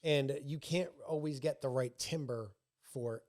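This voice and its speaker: A man co-hosting a podcast, chatting casually with a playful, deadpan manner. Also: medium pitch, unhurried. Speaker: podcast co-host. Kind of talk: casual chat.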